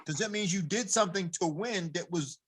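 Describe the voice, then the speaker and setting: A man's voice: sits high, a little fast, breathy edge. A man talking as a podcast guest, an MMA coach, in casual chat, heated and emphatic, laughing when he gets fired up.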